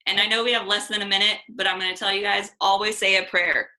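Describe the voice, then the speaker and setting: A young woman in her twenties speaks on a video call in a bright, ringing voice. She is blunt and chatty, with a casual swear word here and there, and she sounds relaxed and candid. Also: medium pitch, fast talker, rough recording. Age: 20s. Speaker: guest coach.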